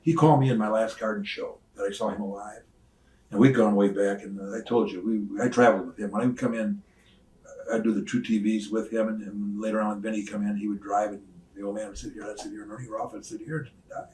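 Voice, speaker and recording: Older man, low voice, animated storyteller, roomy sound from a distant mic. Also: fast. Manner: animated storyteller, acts out quoted voices, loud swings. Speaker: retired pro wrestler, interview guest. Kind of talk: shoot interview storytelling.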